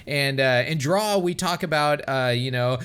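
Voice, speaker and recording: A man's voice: mid-range voice, moderate pace, fairly bright tone, smooth. A man co-hosting a casual podcast, ranting and laughing often between phrases. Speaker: podcast co-host.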